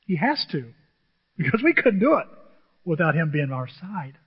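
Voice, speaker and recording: A male pastor preaching a sermon to his church, animated and emotional, often jumping into excited high exclamations. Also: moderate pace, husky. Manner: self-described emotional. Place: church sanctuary with a screen. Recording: dull, long hall reverb.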